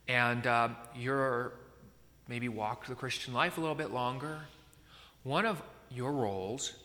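A man's voice: medium pitch, sharp tone, in a large hall. A man preaching a sermon in a conversational way, often checking in with his listeners. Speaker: pastor.

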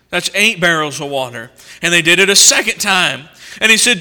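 At a moderate pace, a man with a high, smooth voice reads scripture and comments on it as he preaches an expository sermon. Animated, he alternates loud emphasis with soft asides, while a large church's long reverb lingers after each phrase.

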